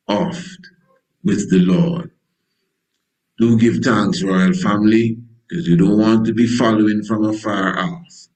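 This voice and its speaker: A man's voice: lowish voice, poor audio. A male priest preaching a sermon in a folksy, digressive way, full of wordplay, who acts out scripture dialogue in different voices.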